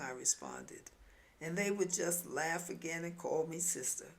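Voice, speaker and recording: Gravelly, slow New York woman storyteller. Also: sits low. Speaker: memoir author. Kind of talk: memoir reading.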